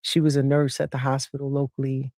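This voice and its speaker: Animated woman from New Jersey, storytelling guest, dry close sound. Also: very deep voice, fairly quick, no room sound. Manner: animated, acts out voices, laughs often. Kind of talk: casual storytelling.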